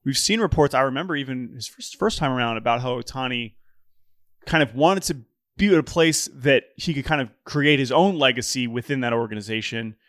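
A man's voice: medium pitch, fairly quick, fairly bright tone, no room sound, studio quality. A man co-hosting a baseball podcast in casual chat, joking, reading listener emails, often restarting sentences. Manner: chatty, jokey, many restarts. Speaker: podcast co-host.

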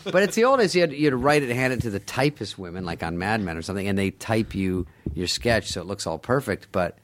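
A middle-aged man telling comic stories in casual podcast chat, wry and sarcastic, quickly acting out the other people in his stories. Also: lowish voice, expressive. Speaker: podcast guest, comedian.

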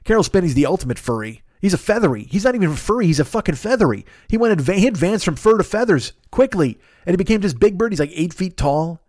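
A man's voice: sits high, very animated, fast talker, hardly any pauses, darkish tone, dry recording, clean studio sound. A man in his fifties riffing in a rambling, profane comedy monologue, laughing at his own jokes. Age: 50s. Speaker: podcast host.

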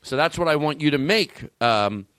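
A man hosting a comedy talk show, rambling and excitable with plenty of swearing. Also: fairly high pitch, normal speed, no echo, clean studio sound. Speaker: host.

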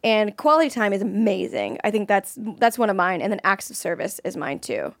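A woman's voice: mid-range voice, very animated, brisk, no echo, clean studio sound. A young adult woman co-hosting a casual podcast chat, talking freely with lots of "like" and reading out a listener's question. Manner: chatty, frequent "like", laughs easily. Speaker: co-host.

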